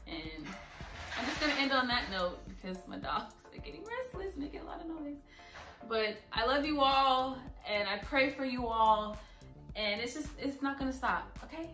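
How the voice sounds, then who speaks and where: A woman's voice: high-pitched, expressive, moderate pace. A young woman speaking earnestly and openly emotional in a personal vlog. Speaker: vlogger. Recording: echoey room, a bit far from mic, soft music.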